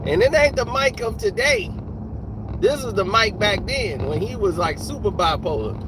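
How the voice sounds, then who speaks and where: A man's voice: high-pitched, lively intonation, moderate pace, noisy background. A man telling casual stories as a guest, laughing often and acting out the people he quotes. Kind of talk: casual storytelling.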